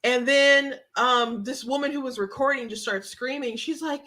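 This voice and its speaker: Woman, commentary host, bright, fairly high, emphatic, repeats herself. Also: fairly even intonation, moderate pace. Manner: emphatic, repeats for stress, restarts often. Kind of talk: opinionated news commentary.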